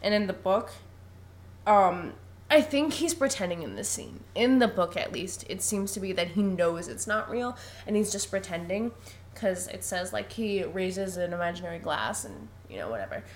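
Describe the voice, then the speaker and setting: A woman's voice: on the low side, moderate pace. A young woman co-hosting a podcast, recapping a film in casual chat and acting out the characters' lines. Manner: animated, laughs often, acts out lines. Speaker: podcast co-host.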